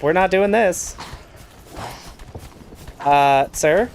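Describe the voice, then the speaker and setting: A man narrating his game as he plays, in a wry, self-mocking way. He talks slowly, and his fairly high voice swings up and down a lot. A steady hum of noise sits clearly behind him. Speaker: gamer playing a randomizer. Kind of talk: let's play commentary.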